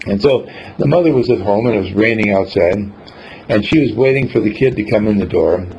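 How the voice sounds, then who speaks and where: A man giving a motivational talk, telling a story in an animated way and acting out the scenes. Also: lowish voice, brisk. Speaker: speaker. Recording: dull lo-fi recording, faint hiss.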